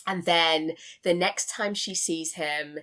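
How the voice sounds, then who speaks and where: A woman guest in a casual film discussion, animated and laughing often, acting out characters in quick quoted voices. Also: lowish voice.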